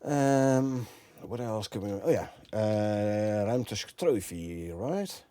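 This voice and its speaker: A Dutch man from the Netherlands streams a game and chats with his viewers, thinking aloud and laughing a lot. His lowish, dark-toned voice is animated, though he speaks slowly. It's casual live-stream gameplay commentary.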